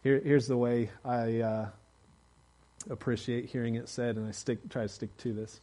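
A man preaching a sermon in a conversational way, with plenty of fillers, building to loud emphatic urging at times. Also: medium pitch, little pitch movement, moderate pace. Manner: conversational, rising to emphatic exhortation.

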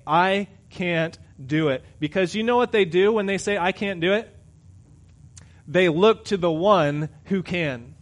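Swinging from booming emphasis to soft asides, a middle-aged pastor gives a conversational sermon. He has a high-pitched male voice and takes his time.

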